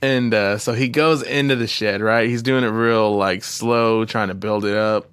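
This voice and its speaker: A young man co-hosting a casual movie podcast, animated and quick to laugh and swear. His voice sits on the low side, and the recording is dry and close with no room sound. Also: clean tone, no room sound. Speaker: podcast co-host.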